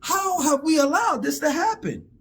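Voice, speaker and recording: A man vents in a fiery, profane monologue and keeps tripping over repeated words. His voice sits high and leaps all over the place. He sounds worked up and blunt. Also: big pitch swings, moderate pace, fairly bright tone. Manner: heated, profane, stammering repetitions. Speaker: vlogger. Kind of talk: angry monologue rant.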